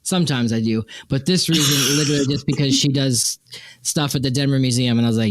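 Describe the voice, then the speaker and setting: A man co-hosting a podcast, telling a story in casual chat, lively and swearing, acting out the people he quotes. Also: mid-range voice, fast talker, no echo. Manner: animated, swearing, quotes people in exaggerated voices. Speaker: podcast co-host.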